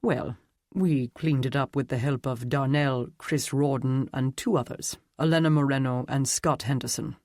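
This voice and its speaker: A male narrator voicing an ancient, all-knowing immortal leader who speaks calmly and matter-of-factly. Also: medium pitch, moderate pace, no echo, clean studio sound, natural voice.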